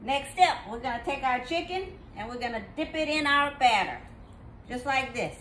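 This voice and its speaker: A woman hosting a casual cooking demonstration in a home kitchen, folksy and exuberant, breaking into high whoops. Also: expressive, normal speed, a bit bright, a little hiss or hum, poor audio. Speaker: cooking show host.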